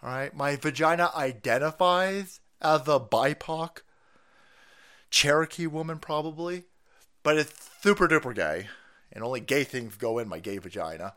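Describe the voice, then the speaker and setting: A man putting on a mocking impression of a smug, soft-spoken woman, talking low and quiet in a mincing way. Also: moderate pace. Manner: soft, breathy, mincing mockery.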